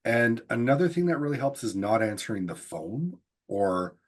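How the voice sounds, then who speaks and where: A man's voice: mid-range voice, very animated, moderate pace. A man presenting an online workshop over a video call with a headset, explaining earnestly with a few restarts.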